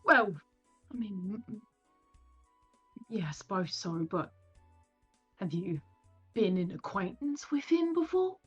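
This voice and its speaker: A woman in a tabletop game, breathy and hesitant, stumbling over her words. Her voice comes through a dull, lo-fi mic. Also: medium pitch, animated, slow pace, pauses often, fairly bright tone, faint music behind. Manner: hesitant, stammering. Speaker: player.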